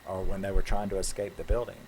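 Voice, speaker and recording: A man's voice: sits low, little pitch movement, fast, a little mellow, a little hiss or hum, poor audio. A man retelling a film plot in a loose, rambling way, full of fillers and swearing. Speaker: movie reviewer. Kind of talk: casual spoken film recap.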